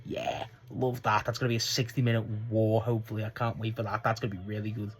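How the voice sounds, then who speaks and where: A man's voice: on the low side, flat delivery, quick pace, husky. A man giving a casual spoken review of a wrestling show, rambling with lots of fillers and swearing. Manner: rambling, profane, frequent restarts and fillers.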